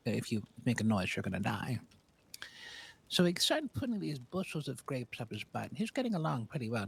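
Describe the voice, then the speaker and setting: A man doing a scheming old granny in a western role-play game, her voice creaky and rough with a husky edge. She speaks primly and sing-song, her pitch leaping up and down as she teases and tells stories. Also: fairly bright tone, heavily acted. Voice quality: creaky, raspy. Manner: prim and sing-song, with big pitch swings. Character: scheming old granny who wants to kill someone. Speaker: streamer, role-play player.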